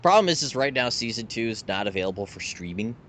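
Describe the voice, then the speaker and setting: A man's voice: fairly low pitch, sing-song, fast talker, a bit bright, slight background noise. A man co-hosting a casual podcast chat, animatedly explaining a show and pointing out pictures. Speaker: podcast co-host.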